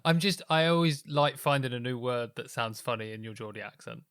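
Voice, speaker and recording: A man's voice: mid-range voice, a little fast, fairly bright tone, clean tone, no room sound, clean studio sound. A young man co-hosting a podcast, upbeat and teasing in a casual chat. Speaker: podcast co-host.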